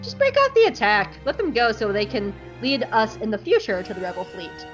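A woman's voice: fairly high pitch, huge pitch swings, a little fast, over music, low-quality recording. A woman voicing a smug, scheming male alien grand admiral who sneers at humans. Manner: contemptuous, gloating.

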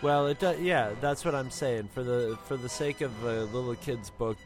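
A man's voice: mid-range voice, normal speed, music in the background. A man co-hosting a casual podcast chat, wry and teasing, often repeating words as he goes. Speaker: podcast co-host.

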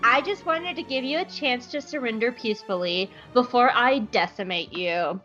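A woman's voice: a little high, normal speed, pushed and bright, highs cut off, soft background music. A woman voicing a blunt, exasperated male warrior monk in a parody retelling. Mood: mock polite.

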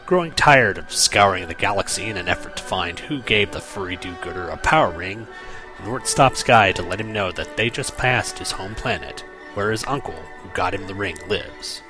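A man's voice: low-pitched, animated, moderate pace, over music, low-quality recording. A man hosting a comic book review podcast, with wry, joking asides. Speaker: podcast host.

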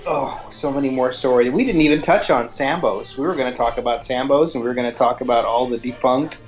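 A male podcast co-host in casual chat, chiming in with quick reactions and jokes. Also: mid-range voice, soft background music.

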